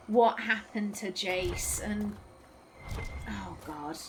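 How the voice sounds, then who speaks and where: A woman talks through a video game in a relaxed, unhurried way. Her voice sits fairly high and moves a lot in pitch, rising and falling as she reacts. A faint hum of noise runs under her. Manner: chatty, polite, apologizes to game characters. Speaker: let's play host. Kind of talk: casual gameplay commentary.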